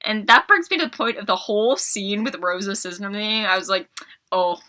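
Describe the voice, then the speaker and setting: Young female podcast host, bright and sharp, sarcastic and fed-up casual rant, slightly sick. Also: mid-range voice, a little fast. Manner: exasperated, sarcastic, animated. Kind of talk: casual film review rant.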